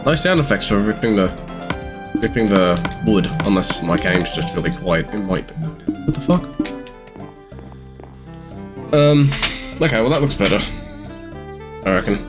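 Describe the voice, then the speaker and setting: An eighteen-year-old Australian man rambling through casual gameplay commentary with halting ums, sounding sleepy. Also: on the low side, animated, music in the background. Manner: rambling, halting, many ums, sometimes swears. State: sleepy, yawning. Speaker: gamer streamer.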